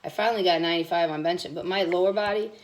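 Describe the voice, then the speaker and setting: Talking very fast in a lowish voice over background noise, the cooking vlogger rambles bluntly and chattily. She's in her home kitchen, cooking while sick with bronchitis.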